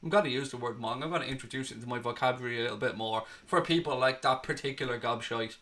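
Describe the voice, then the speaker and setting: A man from Ireland hosting a fan channel, giving excitable, blunt and sweary live watchalong commentary on a match. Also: medium pitch, very fast.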